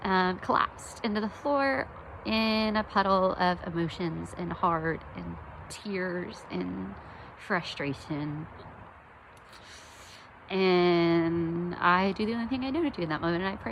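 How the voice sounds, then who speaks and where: A woman's voice: lowish voice, takes it slowly, creaky, fairly bright tone, a little hiss or hum, poor audio. A young woman from the United States telling a personal story in a candid, self-deprecating way, with lots of ums. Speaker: podcast host.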